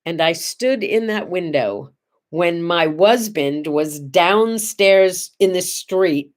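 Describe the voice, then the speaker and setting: A woman hosting a casual morning show, telling anecdotes in a chatty, animated way with playful asides. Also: on the low side, slow pace. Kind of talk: casual chat and storytelling.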